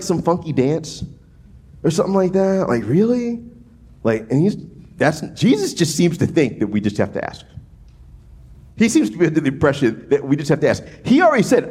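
A man from New Orleans delivers a sermon in a loose, conversational way, trailing off, restarting and checking in with "right?". His pitch swings widely as he talks. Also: brisk, breathy edge. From New Orleans, USA. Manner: animated, casual preaching with frequent restarts and "right?" asides. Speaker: pastor.

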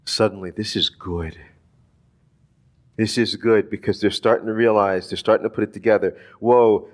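A man preaching in a casual, conversational way, talking through a Bible passage with lots of asides. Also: mid-range voice. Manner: animated, conversational, lots of "like" and "right?". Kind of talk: casual sermon.

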